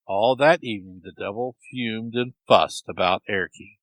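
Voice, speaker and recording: A man telling a folk tale in a lively, expressive storytelling manner. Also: lowish voice, normal speed, few pauses, no room sound, rough recording. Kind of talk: storytelling narration.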